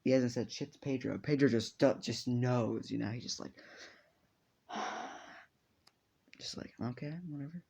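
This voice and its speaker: A man's voice: mid-range voice, steady tone, unhurried, gravelly, pauses often, warm tone. A man improvising a fan story aloud, rambling and swearing casually as he goes. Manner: rambling, profane, off-the-cuff.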